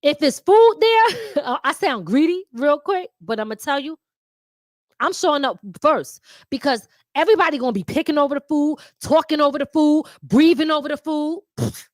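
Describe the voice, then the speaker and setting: A middle-aged woman with a blend of Philadelphia and New York accent talks straight to her viewers in a blunt, slangy monologue, laughing often. Her voice sits high and swoops widely in pitch. The sound is close and dry. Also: animated, moderate pace, dry recording. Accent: mix of Philadelphia and New York. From Philadelphia, USA. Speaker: talk show host.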